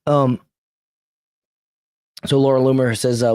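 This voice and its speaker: A man's voice: lowish voice, moderate pace, darkish tone, dry recording. Blunt, rambling American man, dry sound. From United States. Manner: blunt, rambling, reads posts aloud with offhand asides. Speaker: podcast host. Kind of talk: casual political commentary livestream.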